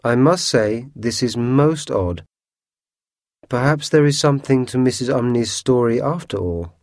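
A man voicing a composed, thoughtful father in a storybook reading, measured in speech. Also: medium pitch, animated, no echo, studio quality. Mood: puzzled.

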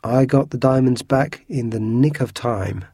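A man's voice: mid-range voice, unhurried, mellow, slightly rough, dry recording, studio quality. A man voicing an earnest young male hero who retells his adventure eagerly, in a storybook reading.

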